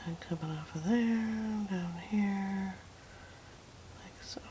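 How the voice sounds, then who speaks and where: Painting in watercolor, a woman with a mid-range voice talks herself through the tutorial slowly, leaving long pauses and often sinking into a whisper. Her manner is soft, easygoing and full of asides, set against a noisy background.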